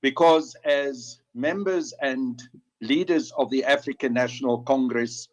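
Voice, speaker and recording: A man hosting a political audio chat, replying in an earnest, measured way. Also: mid-range voice, low-quality recording. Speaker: host.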